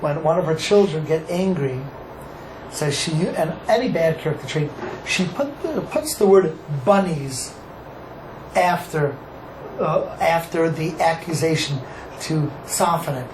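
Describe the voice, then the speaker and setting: A male rabbi from Cleveland, Ohio, giving an animated Torah class and acting out dialogue for a live group. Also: on the high side, a little slow. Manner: animated, acts out dialogue, asks the audience questions. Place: echoey room with a small audience. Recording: echoey room with faint noise.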